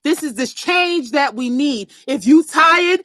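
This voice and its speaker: A woman giving a blunt, profane motivational rant on a live stream, preaching and often shouting for emphasis. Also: sits high, lively intonation, slow pace, dry recording.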